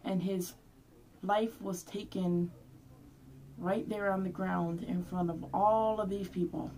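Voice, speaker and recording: A woman's voice: medium pitch, steady tone, slow pace, mellow. Angry young woman ranting, off-mic. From Hispanic background. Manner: angry, heated, swearing. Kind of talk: angry vlog rant. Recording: voice somewhat far from mic.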